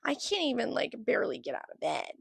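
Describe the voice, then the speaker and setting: A woman's voice: fairly high pitch, wildly swooping pitch, quick pace, vocal fry, husky, dry recording, studio quality, heavily acted. A woman voicing a flustered man who has turned into a beetle, speaking in a whiny, overwhelmed, casual way.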